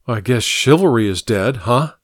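A man's voice: medium pitch, animated, normal speed, dry recording, studio quality, natural voice. A man voicing an anxious but firm mother in an audiobook, pleading and scolding by turns. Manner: pleading then stern, protective. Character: worried, firm mother, woman in her thirties.

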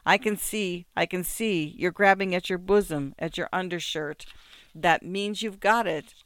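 A man's voice: high voice, measured pace, clear, resonant tone, no echo. A man voicing a drunk, grieving peasant who pleads and threatens through tears. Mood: anguished. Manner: loud, tearful, pleading and threatening.

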